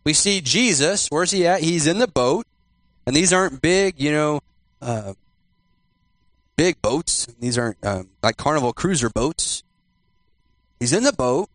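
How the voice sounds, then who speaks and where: A male pastor giving a sermon in church, repeating and slowing down his key phrases for emphasis. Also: on the high side, lively intonation, no echo. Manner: repetitive, emphatic preaching with slowed key phrases.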